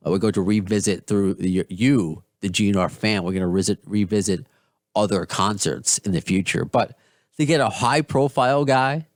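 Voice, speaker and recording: A man's voice: fairly low pitch, normal speed, dry recording. A man hosting a podcast, talking casually and enthusiastically, often restarting his sentences. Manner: rambling, enthusiastic, many restarts. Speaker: podcast host.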